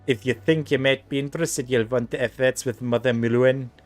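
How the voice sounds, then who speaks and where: A man voicing a gruff middle-aged male guildmaster with rough sailor slang, reading game dialogue aloud. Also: medium pitch, steady tone, a little fast, faint music behind, lightly acted. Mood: friendly.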